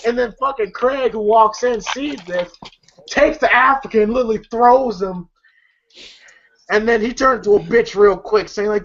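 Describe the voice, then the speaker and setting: A movie reviewer gives a casual recap of a comedy scene by scene in a loose, rambling monologue full of fillers and casual swearing. His middling pitch, a bit bright at normal speed, often breaks into laughter, and the sound is somewhat dull and lo-fi.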